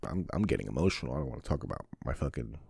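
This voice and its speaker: Guy in his 30s ranting on his podcast, deep voice, swears a lot, dry close mic. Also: sing-song, rapid-fire, gravelly, darkish tone, husky, no room sound. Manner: rambling, profane storytelling with mocking asides. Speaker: podcast host. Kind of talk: solo podcast monologue.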